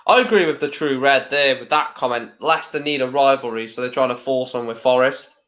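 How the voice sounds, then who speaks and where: A man's voice: mid-range voice, fairly quick. A man appearing as a guest on a live football stream, chatting casually and hesitating as he searches for words. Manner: relaxed, chatty, hesitant with fillers. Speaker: guest co-commentator.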